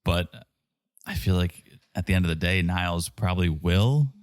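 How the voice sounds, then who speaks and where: Low-voiced man, wry podcast co-host. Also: expressive, normal speed, no room sound, studio quality. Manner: wry, jokey asides with quoted voices. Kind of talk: casual recap chat.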